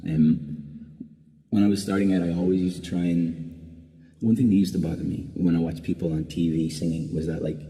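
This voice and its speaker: A man's voice: deep voice, fairly even intonation, brisk, mellow. A man, a singer being interviewed, answering casually and rambling with lots of restarts and "like" fillers. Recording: long reverb.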